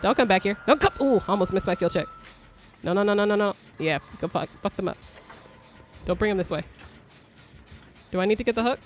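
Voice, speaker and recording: A young woman streamer giving live gameplay commentary, excitable, swearing and shrieking when startled. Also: medium pitch, a little fast, long pauses, soft background music.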